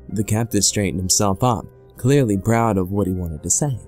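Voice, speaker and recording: A man narrating a scary story in a measured, scripted storytelling delivery. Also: lowish voice, a little mellow, faint music behind.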